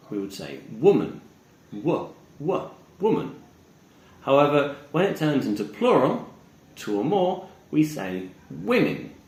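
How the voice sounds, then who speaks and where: A man teaching English pronunciation, slowly modeling words and repeating examples. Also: medium pitch. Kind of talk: pronunciation lesson. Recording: echoey room with faint ambience.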